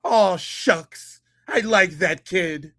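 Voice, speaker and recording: A man mimicking a concerned middle-aged father in a slow, soft, folksy voice. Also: high voice, no room sound, studio quality, full character voice. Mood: mock concern.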